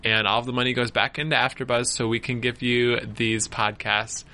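A man's voice: mid-range voice, level tone, moderate pace, sharp tone. A man co-hosting a casual podcast, recapping a TV episode with friends. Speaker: podcast co-host.

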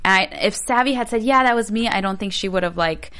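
Woman, casual recap chatter, bright tone, rambling. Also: mid-range voice, fast, smooth. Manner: chatty, loses her train of thought. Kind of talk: casual reality-TV recap chat.

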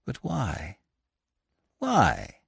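A man voicing a weakened gentleman thief, hushed and stammering in shock. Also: mid-range voice, huge pitch swings, unhurried, slightly rough, no echo, clean studio sound, exaggerated voice. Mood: questioning.

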